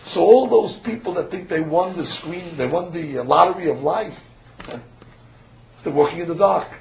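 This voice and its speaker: Gravelly man preaching, dull lo-fi. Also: a little high, a little slow, a little hiss or hum. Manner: emphatic, rhetorical questions, stumbles on fillers. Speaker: rabbi giving a sermon. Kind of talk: sermon with storytelling. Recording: dull lo-fi recording with faint ambience.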